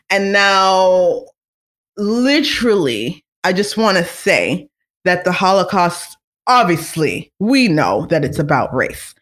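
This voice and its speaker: Chatty, filler-heavy podcast host. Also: mid-range voice. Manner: chatty and animated, many fillers and restarts. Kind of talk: casual celebrity gossip monologue.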